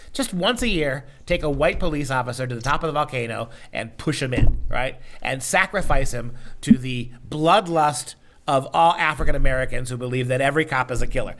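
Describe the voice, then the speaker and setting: Male host with a bright, higher-than-usual voice and a sarcastic, mock-serious delivery for opinion talk. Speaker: show host and education lecturer. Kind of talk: casual opinion talk show banter.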